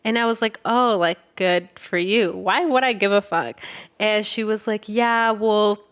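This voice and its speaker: Smooth-voiced young woman telling a story. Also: medium pitch, moderate pace. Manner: animated, acts out quoted voices, swears freely. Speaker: podcast co-host. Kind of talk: casual storytelling chat.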